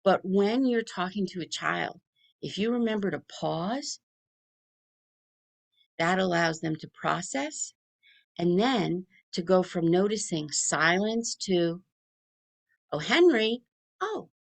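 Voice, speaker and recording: A middle-aged woman speaks in a gravelly, fairly low voice. She talks to parents in a chatty, rapid-fire way, as a speech pathologist giving practical advice. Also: lively intonation. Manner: chatty, talks fast with few pauses. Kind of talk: informal presentation to families.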